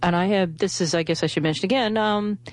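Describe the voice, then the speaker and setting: A woman's voice: mid-range voice, fast talker, no room sound. A woman radio host, talking in a rambling, chatty way full of fillers and restarts. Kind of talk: casual radio monologue with pledge appeal.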